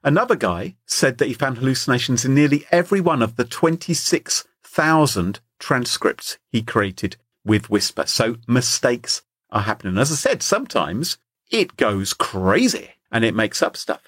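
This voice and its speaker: A man's voice: medium pitch, big pitch swings, normal speed, few pauses, fairly bright tone, husky, no room sound, clean studio sound. An Englishman co-hosting a podcast, telling stories in a joking, playful way. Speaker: podcast co-host. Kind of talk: casual comedic chat.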